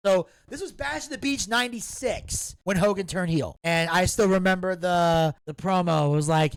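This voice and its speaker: Young podcast host, man, high gravelly voice, cursing and acting out scenes. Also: fairly quick, few pauses, no room sound. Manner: animated, profane, loud re-enactments. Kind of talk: casual podcast chat. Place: home podcast studio in former bedroom.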